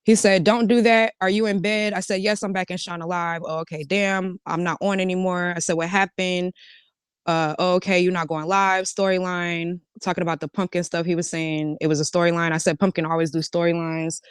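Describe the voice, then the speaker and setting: A woman with a lowish, smooth, clear voice tells a casual storytime. She reads a chat exchange line by line, switching between "he said" and "I said". Her voice sounds dry and close. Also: little pitch movement, a little fast, no room sound. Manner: recounts a back-and-forth, switching between "he said" and "I said". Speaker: storytime vlogger.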